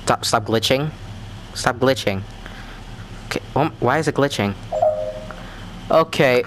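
A man talking through a virtual reality horror game, with excitable, jumpy reactions and rambling asides. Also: a little high, normal speed, pauses often, slight background noise. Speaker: gamer. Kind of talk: let's play commentary.

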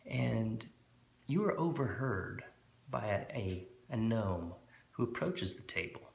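A man and host, explaining a tabletop game in a relaxed, rambling way with many fillers. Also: fairly low pitch, slow pace, gravelly, roomy sound. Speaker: dungeon master and channel host. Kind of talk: casual tutorial explanation. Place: room at home with a board.

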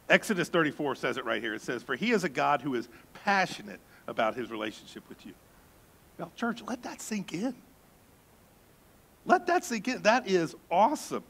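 A male pastor preaching a sermon in an animated way, with joking asides and bursts of emphasis. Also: a little high.

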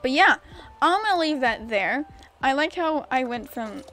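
A woman's voice: high voice, lively intonation, normal speed, sharp tone. Gushing young woman gamer. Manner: gushing, giggly, swears casually. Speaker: gaming YouTuber. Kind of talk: casual gameplay commentary. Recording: faint game music behind.

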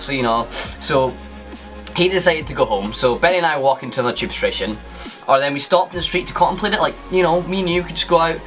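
A man's voice: fairly high pitch, animated, fast talker, fairly bright tone, soft background music. A young Scottish man telling a casual, rambling story to camera as a YouTuber, with lots of fillers and restarts.

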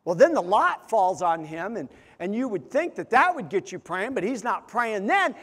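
A pastor preaching a sermon, telling stories and acting out quotes, building to loud emphatic peaks. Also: male voice, high voice, very animated, moderate pace, few pauses, breathy edge. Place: church sanctuary. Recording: long hall reverb.

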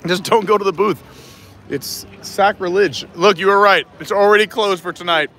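A man's voice: high-pitched, moderate pace, bright, forceful tone, a little hiss or hum. A man hosting a casual live stream outdoors at a theme park, chatting and laughing often while walking around.

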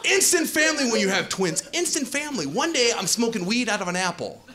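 A man in his forties doing an animated stand-up comedy set on a club stage, telling stories and jumping into shouted asides, with audience laughter in the recording. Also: very high-pitched, fairly quick, heavy background noise.

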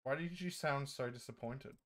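A playful, teasing host chatting with friends mid-game. The voice sits at a middle pitch and the talk is loose, casual banter over a voice call. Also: normal speed, a bit bright.

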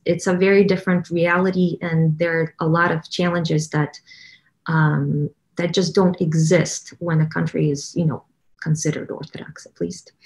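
Promoting a training program, this Russian-accented woman choir director speaks in a low, slightly mellow voice. Her talk is casual and full of fillers and restarts.

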